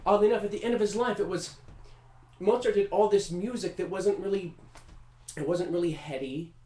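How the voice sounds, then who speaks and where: A man riffing in a casual comedic monologue, animated and profane, rambling with fillers. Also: sits high, brisk. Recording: roomy echo.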